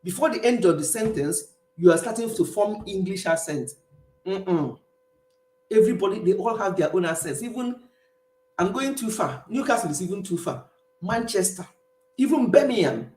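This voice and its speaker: A woman's voice: mid-range voice, animated, normal speed, darkish tone. Middle-aged Nigerian woman with an Igbo accent, emphatic, chatty host, echoey room. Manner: chatty, emphatic, laughs often. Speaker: livestream host. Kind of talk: casual chat with live viewers. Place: home in the UK.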